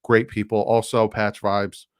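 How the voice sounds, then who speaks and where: A man's voice: on the low side, level tone, measured pace, smooth. A man hosting a casual live stream, chatting loosely, reading out donations and plugging sponsors. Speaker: YouTube streamer and channel host.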